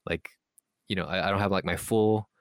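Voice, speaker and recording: Fast-talking low-voiced podcast host. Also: male voice, dry recording, clean studio sound. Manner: quick, animated, swears in mock outrage. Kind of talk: casual music chat.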